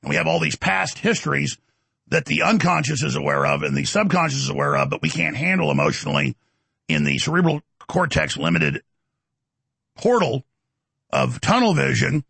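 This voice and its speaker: A middle-aged man, hosting a heated, mocking monologue and often shouting. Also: fairly high pitch, wildly swooping pitch, moderate pace, gravelly, slightly rough, dry recording. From Texas. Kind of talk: ranting monologue.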